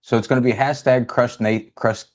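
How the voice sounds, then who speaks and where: A man's voice: medium pitch, fairly even intonation, moderate pace. A man hosting a casual livestream, rambling and joking as he multitasks. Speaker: livestream host.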